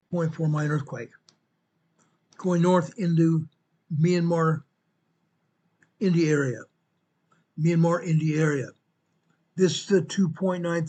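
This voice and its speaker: A man hosting a show, walking viewers through an earthquake map in a slow, emphatic way and repeating his points. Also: on the high side, mellow, breathy edge. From United States. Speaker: show host presenting earthquake updates. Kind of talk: informal map walkthrough commentary.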